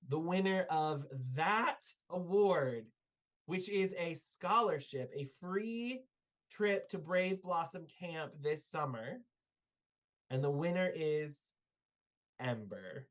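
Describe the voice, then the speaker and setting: A game master narrating a live tabletop game and closing the show, speaking loosely with frequent fillers. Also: medium pitch.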